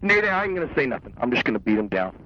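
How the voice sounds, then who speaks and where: A young man telling an angry, profane story in a casual, rambling rant about getting even. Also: mid-range voice, rapid-fire. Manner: profane, hotheaded, boastful, rambling. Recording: dull lo-fi radio sound.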